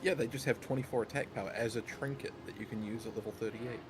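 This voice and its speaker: A man's voice: medium pitch, fairly even intonation, fast talker. A man in casual chat on a gaming stream, wry and talkative, laughing through his stories. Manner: chatty, wry, laughs while telling stories. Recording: noisy background.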